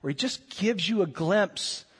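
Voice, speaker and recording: A man preaching a sermon earnestly, his voice swelling at emphatic points and dropping low and quiet elsewhere. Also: animated, measured pace, breathy edge, in a large hall. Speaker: pastor.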